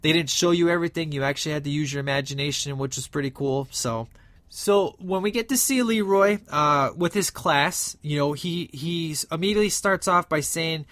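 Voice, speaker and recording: Male film fan, slightly high voice, rambling casual recap, dry close mic. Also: brisk, a bit bright, no echo. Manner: enthusiastic, rambling, frequent fillers. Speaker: film reviewer.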